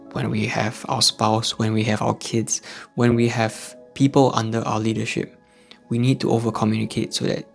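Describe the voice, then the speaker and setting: A man from Singapore with a Singaporean English accent, hosting a casual motivational vlog from home late at night and talking softly in a hushed indoor voice. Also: mid-range voice, vocal fry. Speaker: host of a faith-based channel for men. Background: faint background music.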